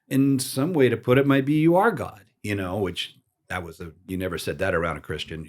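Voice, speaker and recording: A man hosting a casual interview podcast, telling his own story in a lively, animated way and acting out the voices of people he quotes. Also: mid-range voice, quick pace. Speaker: podcast host.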